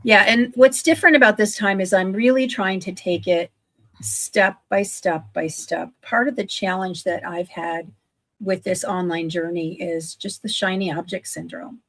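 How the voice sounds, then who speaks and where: Woman, 60s, gravelly and husky, chatty video-call guest who keeps restarting her sentences. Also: mid-range voice, normal speed, fairly bright tone. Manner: chatty, self-correcting, enthusiastic. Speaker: guest, online business owner. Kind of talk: casual livestream chat.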